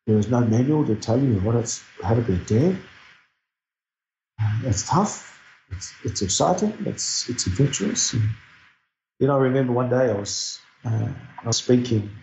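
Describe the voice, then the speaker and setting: A middle-aged New Zealand man with a New Zealand accent tells a personal story earnestly and reflectively. His voice is dark and mellow. The recording is dull and echoey. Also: mid-range voice, slight background noise. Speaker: guest speaker. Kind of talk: personal storytelling in a podcast interview.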